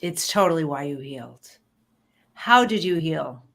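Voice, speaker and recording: A woman's voice: sits low, animated, measured pace, creaky, a bit bright. A woman hosting a podcast interview who encourages her guest with supportive remarks. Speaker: podcast host. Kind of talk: interview chat.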